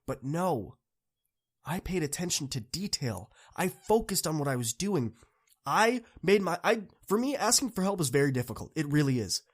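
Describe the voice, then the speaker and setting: Young male host, slightly high voice, earnest motivational speaker, encouraging and impassioned by turns. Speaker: podcast host. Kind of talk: motivational talk to students.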